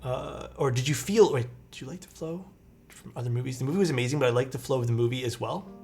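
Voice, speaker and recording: A man streaming live, talking with his viewers in a relaxed, slightly sluggish way. He thinks out loud with fillers and restarts, in a mid-range voice. Soft music plays faintly behind him. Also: medium pitch, fast talker, creaky. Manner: laid-back, thinks aloud with fillers and restarts. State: sluggish, low-energy. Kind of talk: casual live-stream chat.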